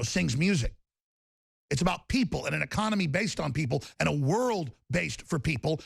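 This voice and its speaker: A gravelly, fry-heavy man rants through a talk-radio monologue, his voice sitting a little high for a man. The sound is dry and close, with no room around it. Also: a bit bright, dry recording. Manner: ranting, mocks opponents in put-on voices.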